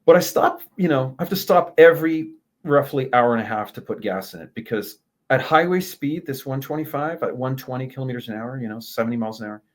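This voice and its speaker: A man, a guest telling a lively travel story in a casual interview, laughing and swearing as he goes. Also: mid-range voice, a little fast. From Canada.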